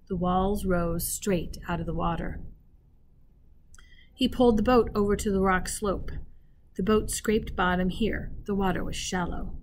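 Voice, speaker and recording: A woman teacher reading a children's novel aloud expressively, pausing to speak directly to her listeners. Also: medium pitch, a little hiss or hum. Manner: expressive, pauses to talk to listeners.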